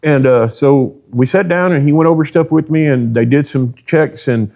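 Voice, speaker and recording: A man's voice: fairly high pitch, moderate pace, mellow. A man, a drag racer telling his story as a podcast guest in a rambling, folksy way. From Texas. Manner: rambling, folksy, peppered with "dude" and quoted dialogue. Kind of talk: casual storytelling.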